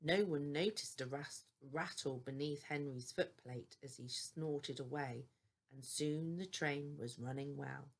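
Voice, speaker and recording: Older lady reading a bedtime story, deep voice with lots of gravel. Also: unhurried.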